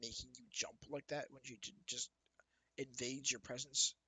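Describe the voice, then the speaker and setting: A man's voice: medium pitch, flat delivery, normal speed, bright, forceful tone, poor audio. A man narrating as dungeon master in a loose, rambling way, with restarts and asides. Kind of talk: narrating a tabletop game.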